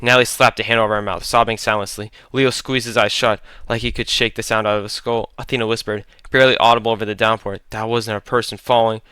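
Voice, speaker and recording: A man tells a horror story with dramatic, deliberate pacing. His voice is bright and crisp, recorded close and dry, with no room around it. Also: on the low side, flat delivery, no echo. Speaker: narrator.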